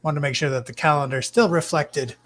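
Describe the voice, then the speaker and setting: A man hosting a casual live stream from his fish room, greeting chat viewers by name in a relaxed way. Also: a little high, brisk, slight background noise. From Arizona, US. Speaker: livestream host.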